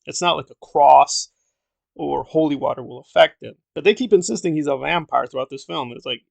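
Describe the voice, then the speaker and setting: A man reviews a film in a casual monologue, blunt and exasperated, often trailing into fillers. His voice is a touch high and gravelly with fry. The sound is dry and close, with no room around it. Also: a little fast, dry recording.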